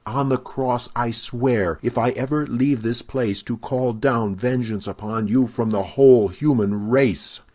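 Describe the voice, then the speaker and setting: A fierce young woman swearing vengeance in a raised, ringing storybook voice, as a male reader puts her on. She is louder and higher than the narration around her, with a husky edge. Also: measured pace, few pauses, no room sound. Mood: defiant. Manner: fierce, declaiming oaths. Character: wronged proud young woman, defiant and vengeful.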